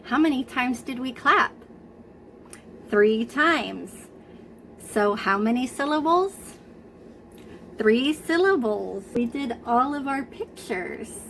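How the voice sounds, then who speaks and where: A woman teaching a preschool lesson to children, speaking slowly with exaggerated enthusiasm. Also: a little high, a bit bright, a little hiss or hum.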